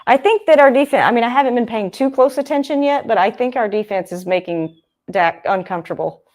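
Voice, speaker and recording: A young woman talks her way through a live football broadcast. She rambles and thinks out loud and keeps circling back to the action on screen. She sounds like a casual livestream host. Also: a little high, brisk. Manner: chatty and rambling, thinking aloud. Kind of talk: casual live game commentary.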